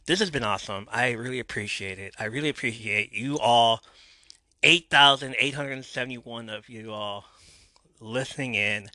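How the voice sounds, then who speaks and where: A man hosting his own podcast in casual solo chat, excitable and self-mocking, his voice jumping up when amused. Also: medium pitch, no room sound. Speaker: podcast host.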